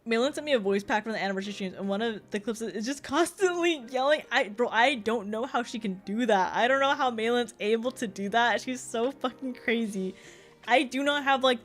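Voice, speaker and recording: A woman's voice: fairly high pitch, a little fast. A young woman streaming, chatting casually with her chat, laughing often and tripping over restarts. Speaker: VTuber streamer.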